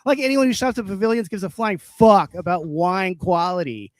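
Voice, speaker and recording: A man with a high voice holds forth on a casual livestream, ranting and swearing with lots of laughter. The sound is close and dry, with no room around it. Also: moderate pace, no echo. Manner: profane, ranting, laughs often. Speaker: livestream co-host. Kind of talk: casual comedic chat.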